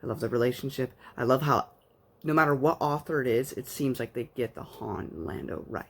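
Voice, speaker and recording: A man's voice: mid-range voice, a little fast, creaky, fairly bright tone, breathy edge. A man giving a casual spoken book review, rambling like an enthusiastic fan with plenty of fillers.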